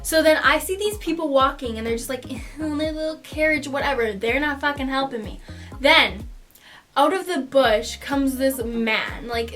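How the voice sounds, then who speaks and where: A young woman telling a personal story in a casual vlog, animated, swearing freely and laughing mid-sentence. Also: sits high. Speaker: vlogger.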